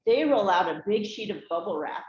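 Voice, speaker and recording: A woman's voice: medium pitch, animated, a little fast, darkish tone. A woman giving a cheerful, folksy speech to a group about her family traditions. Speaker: speaker giving a family talk. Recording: echoey room, slightly dull sound, faint noise.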